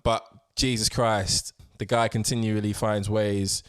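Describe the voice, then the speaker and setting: A man co-hosting a podcast in a room, in casual, relaxed chat with many hesitations and casual swearing. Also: on the low side, unhurried, no echo, studio quality. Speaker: podcast co-host. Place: indoor room.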